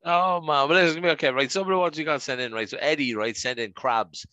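A man with a bright, forceful voice co-hosts a podcast, moving upbeat through listener replies. He keeps tagging "right?" onto his lines, and the recording is dry. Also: fairly high pitch, fast talker, dry recording, muffled recording. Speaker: podcast co-host. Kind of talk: casual chat.

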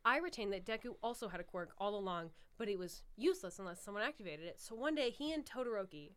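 A woman co-hosting a casual chat, with animated, giggly, profane banter. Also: mid-range voice, quick pace, smooth. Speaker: podcast co-host.

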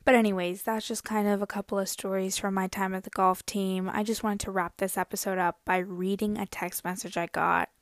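Woman podcast host: chatty storyteller with a gravelly edge, dry close sound. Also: mid-range voice, little pitch movement, brisk, hardly any pauses, dry recording. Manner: chatty and rambling, full of "I mean" and "you know". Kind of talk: casual solo podcast storytelling.

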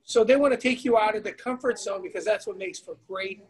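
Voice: mid-range voice, brisk. A guest from Canada, talking with enthusiasm about competing on a TV cooking show. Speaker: guest, restaurant owner and TV competition contestant. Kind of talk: interview conversation.

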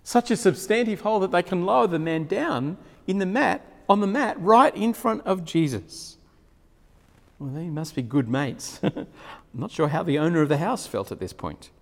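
A man preaching a sermon, retelling a story in an animated way with frequent chuckles. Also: high voice, normal speed, creaky. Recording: long hall reverb.

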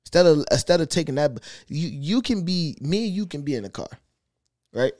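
A man's voice: on the high side, a little fast, no echo, clean studio sound. A man co-hosting a casual podcast chat, arguing his point with energy and acting out quoted voices. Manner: animated, argumentative, acts out quoted speech. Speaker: podcast co-host.

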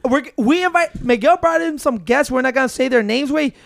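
A man's voice: extremely high pitch, fairly quick, gravelly, fairly bright tone, no room sound, clean studio sound. A man co-hosting a podcast, blunt and heated in casual banter, swearing freely. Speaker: podcast co-host.

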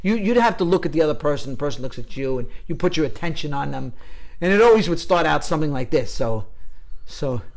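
A middle-aged man, a guest actor, telling stories in casual podcast chat, profane and animated. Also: a little high, fast, creaky. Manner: animated storyteller, profane, acts out voices.

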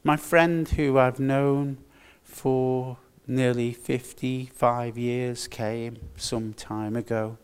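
A man's voice: medium pitch, little pitch movement, smooth. An older man preaching a sermon, earnest and emphatic, repeating his key phrases. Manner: earnest, slow and emphatic with repetitions.

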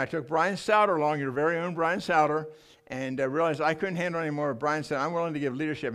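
An older man preaching in a church, telling mission stories in an animated, emotional way with frequent restarts. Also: mid-range voice. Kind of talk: sermon storytelling.

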